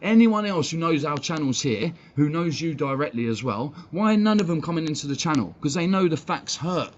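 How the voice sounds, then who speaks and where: A man's voice: a little high, big pitch swings, brisk, muffled recording. A man with an English accent ranting on a live stream, blunt and profane, talking straight at his chat. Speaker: fan channel streamer. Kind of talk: heated live-stream rant.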